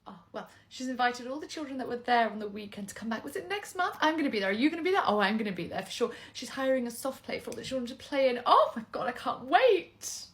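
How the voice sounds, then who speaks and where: A woman's voice: on the high side, lively intonation, fast, few pauses, voice pushed up, lightly acted. A woman playing a self-absorbed, condescending mother with a patronising, sing-song manner. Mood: breezy.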